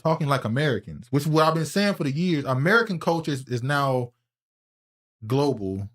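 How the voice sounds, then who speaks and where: A man from North Carolina with a toned-down Southern accent, co-hosting a casual podcast discussion. He talks in a loose, rambling way and deliberately slows his speech for the mic. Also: on the high side, animated, fairly bright tone. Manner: loose, digressive, frequent restarts. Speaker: podcast co-host.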